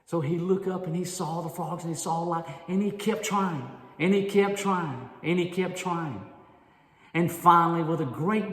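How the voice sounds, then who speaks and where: A man telling a story to an audience at a conference, animated and drawing the crowd in. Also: a little high. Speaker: speaker at a volunteer leader conference. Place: large hall. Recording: echoey hall with long reverb.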